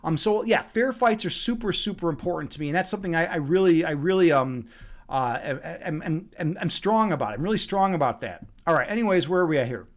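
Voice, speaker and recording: American guy streaming, highish voice, swears a ton, rambles and restarts. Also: lively intonation, fairly quick. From USA. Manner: profane, rambling, many restarts. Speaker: livestream host. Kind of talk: casual chat, reading out chat comments.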